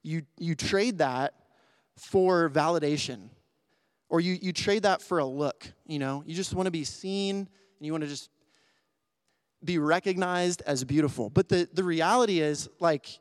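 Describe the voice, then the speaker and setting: A man's voice: a little high, unhurried, clear, resonant tone, dry recording, studio quality. A man preaching a sermon to young adults, earnest and conversational, often restarting his phrases, at times emotional. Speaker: pastor.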